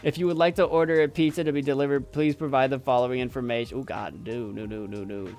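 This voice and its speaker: A man's voice: medium pitch, fairly even intonation, fast talker, darkish tone, soft background music. Wry man streamer reading aloud. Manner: wry, amused asides. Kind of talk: reading on-screen text and commenting.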